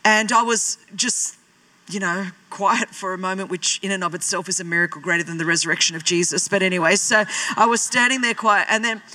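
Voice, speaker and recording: A woman's voice: mid-range voice, fairly quick, sharp tone. A woman, preaching a sermon as a pastor and telling her own story with self-deprecating humour. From Australia. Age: 40s.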